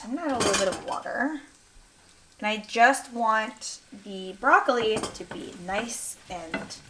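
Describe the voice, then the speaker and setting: A woman's voice: mid-range voice, sharp tone. A woman chatting casually while cooking, joking and thinking aloud as she goes. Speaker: vegan cooking vlogger. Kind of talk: casual cooking vlog chat. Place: home kitchen. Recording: echoey kitchen, faint noise.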